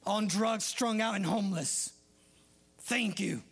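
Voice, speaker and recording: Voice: mid-range voice, takes it slowly, breathy edge. A preacher briefly voicing a self-satisfied Pharisee who brags about his good deeds in prayer. He sneers and looks down on the people around him. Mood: smug. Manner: boastful, sneering. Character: smug self-righteous Pharisee praying aloud.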